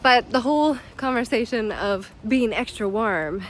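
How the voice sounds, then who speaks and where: A woman's voice: fairly high pitch, lively intonation, unhurried, a little hiss or hum. A Canadian woman in her thirties chatting casually to camera in a vlog, laughing often and dropping German words into her English. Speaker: vlogger, mother.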